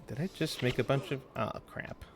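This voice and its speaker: A man streams a game and chats with viewers in a rambling, easygoing way, answering chat between callouts of the action. His voice is medium-pitched at normal speed, with background noise present.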